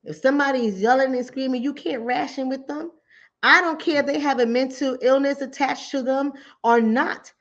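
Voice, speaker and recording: Emphatic high-voiced woman, lo-fi sound. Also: moderate pace. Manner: emphatic and repetitive, drives points home with repeated phrases; informal speech, acts out callers and her own replies. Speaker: mental health talk show host. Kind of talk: conversational commentary. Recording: dull lo-fi recording.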